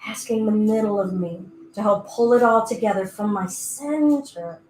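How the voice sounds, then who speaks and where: A woman's voice: mid-range voice, normal speed, darkish tone, slight background noise. A woman teaching a guided yoga class in a playful, chatty way, giving her breath and body little voices as she goes. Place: indoor room, virtual class. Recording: echoey room with faint music.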